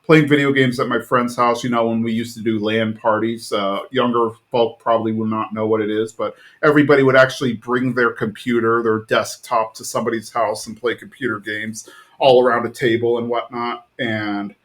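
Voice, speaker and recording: A man in his thirties co-hosting a podcast, recapping a cartoon episode in a rambling, animated way with lots of filler words. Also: mid-range voice, moderate pace. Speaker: podcast co-host.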